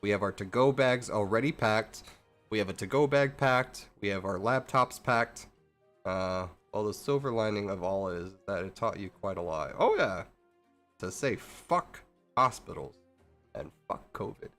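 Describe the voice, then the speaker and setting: Guy streamer kinda low voice, swears a ton, restarts sentences, faint game music behind. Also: animated, unhurried, a bit bright. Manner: profane, rambling, many restarts. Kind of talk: casual rambling chat while gaming.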